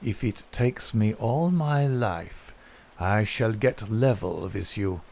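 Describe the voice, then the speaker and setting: A man voicing a strong, bitter captured foreign spy who speaks slowly and grimly. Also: medium pitch, very animated, darkish tone, breathy edge. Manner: slow, grim and resentful.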